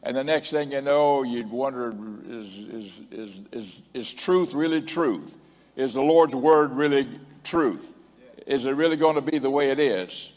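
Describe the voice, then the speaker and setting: A man delivers a sermon in a mid-pitched voice, stretching key phrases out and coming back to the same refrains. He sometimes stumbles over his references and corrects himself. The long tail of reverb from a big church hall trails after his words. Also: darkish tone. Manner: drawn-out emphatic phrasing with repeated refrains. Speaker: bishop preaching. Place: large church sanctuary.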